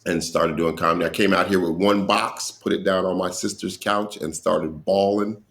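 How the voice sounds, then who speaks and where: A middle-aged man from Colorado, a stand-up comedian, telling lively stories as a guest in a casual interview and acting out the lines of the people in them. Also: low-pitched, normal speed. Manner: animated storyteller who acts out other people's lines.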